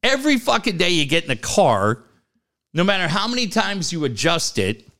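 A man's voice: high voice, very animated, moderate pace, bright, forceful tone. Ranting, profane middle-aged man. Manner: ranting, swears constantly, acts out other people's lines. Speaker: co-host telling a story. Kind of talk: profane casual storytelling.

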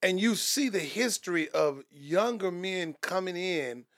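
A man's voice: high voice, animated, unhurried, a bit bright. A man co-hosting a casual faith talk, speaking earnestly in a preaching tone and often repeating words as he builds a point. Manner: earnest, repeats words, asks "you know what I'm saying".

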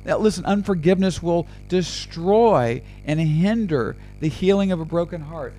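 A man's voice: a little high, moderate pace, few pauses, warm tone. A man preaching a radio sermon and leading a prayer, fervent and full of repeated words and restarts. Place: radio program.

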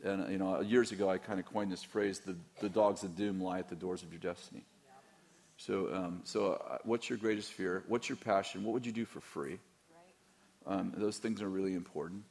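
Gravelly low-voiced middle-aged pastor. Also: male voice, steady tone, normal speed, darkish tone. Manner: rambling, restarts often, teasing humor. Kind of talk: candid Q&A talk to a church audience.

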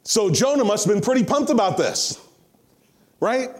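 A man delivers a sermon with a slightly high voice. He retells a scripture story in an animated, conversational way and slips into the voices of the people in it. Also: normal speed. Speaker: pastor.

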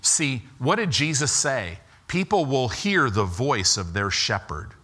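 A man preaching a sermon as pastor, slowing for emphasis and acting out quoted lines with rising and falling pitch. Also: sing-song, bright, forceful tone. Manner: slow deliberate emphasis.

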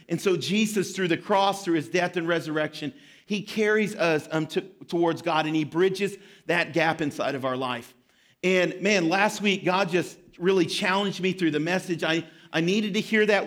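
Animated pastor preaching a sermon, high voice. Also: male voice. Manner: storytelling, animated and self-deprecating.

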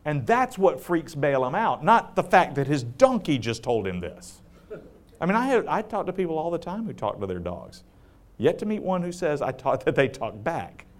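Man, high voice, preaching, chatty sermon, joking asides, low and slow scripture reading. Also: big pitch swings. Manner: conversational, joking asides with laughter.

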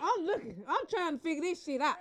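A woman with a high voice tells a story in a casual group chat. She is blunt and profane, and she acts out the quotes as she goes. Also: very animated, fast, a crowd in the background.

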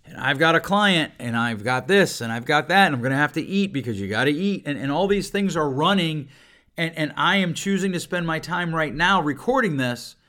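A man's voice: a little high, expressive, normal speed, bright, forceful tone. Earnest man musing on a podcast. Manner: earnest, reflective, with frequent restarts and repeated words. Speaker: podcast host. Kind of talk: solo podcast monologue. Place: home recording setup at a computer. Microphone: desk microphone.

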